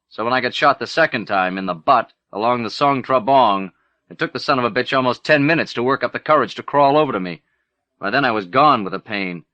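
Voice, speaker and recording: A man's voice: mid-range voice, sharp tone, no echo. A man reading a short story aloud in the first person, with a wry, plainspoken storytelling manner, on an old cassette recording. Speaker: audiobook narrator. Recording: dull, lo-fi 1980s cassette recording.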